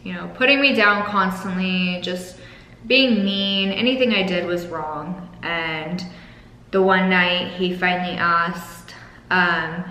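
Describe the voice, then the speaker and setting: A young woman with a lowish voice tells a painful story from her own life, frank and emotional, with swearing and a fight against tears. Her voice rings in an echoey room with a long reverb tail and faint noise underneath. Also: steady tone, slow pace, bright, forceful tone. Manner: candid, emotional, swears freely. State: holding back tears. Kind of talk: personal storytelling.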